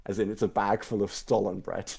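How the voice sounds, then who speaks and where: Man, game master, fairly low voice, chatty, self-deprecating, headset mic. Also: level tone, fairly quick, creaky, a little mellow, breathy edge. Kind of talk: casual game narration.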